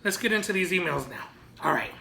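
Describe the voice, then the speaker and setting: A woman's voice: lowish voice, lively intonation, fast, gravelly, bright, forceful tone. A woman vlogger chatting casually and laughing easily while she eats and reads viewer stories. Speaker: mukbang vlogger. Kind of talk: casual chat while eating.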